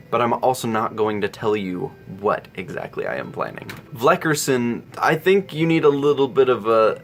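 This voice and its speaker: A man's voice: medium pitch, fairly bright tone. A young man hosting a casual Q&A vlog, rambling and self-deprecating, chuckling often. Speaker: YouTube channel host.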